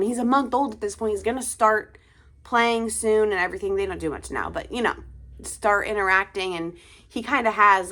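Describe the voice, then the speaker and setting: Chatty, tired young mom rambling. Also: female voice, mid-range voice, sharp tone. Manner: rambling, chatty, lots of fillers and sighs. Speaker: vlogger, mother of two. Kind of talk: casual chat to camera.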